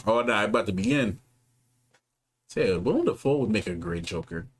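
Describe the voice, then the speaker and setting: A man's voice: fairly low pitch, normal speed, breathy edge. A man co-hosting a movie reaction, chatting casually and laughing often as he reacts. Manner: laughs often, animated and playful. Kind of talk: casual chat reacting to a film.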